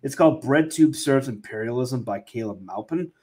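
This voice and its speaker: A man co-hosting a podcast, giving quick, earnest political commentary in casual chat. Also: medium pitch, expressive, a little mellow, breathy edge. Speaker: podcast co-host.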